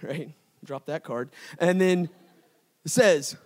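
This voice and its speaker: A man's voice: a little high, slow pace. A man preaching a sermon to a live crowd at an event, telling a story with playful voices for the characters and a casual, slangy way of talking. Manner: casual slangy delivery, addresses the crowd as y'all. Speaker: pastor. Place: event stage before a live audience.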